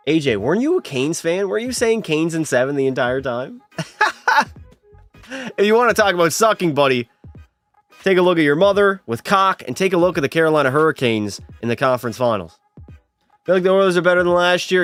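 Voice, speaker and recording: A man's voice: a little high, fairly bright tone, no room sound. A young man live-streaming a hockey video game, chatting and teasing his viewers as he plays. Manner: chatty, teasing, banters with chat.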